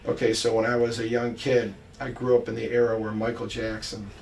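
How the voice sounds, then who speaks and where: A man's voice: mid-range voice, monotone, brisk, vocal fry. A middle-aged man from Buffalo, a college basketball coach, chatting casually and rambling through stories with many restarts and fillers. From Buffalo, New York. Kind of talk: casual podcast chat. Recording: distant mic with faint background noise.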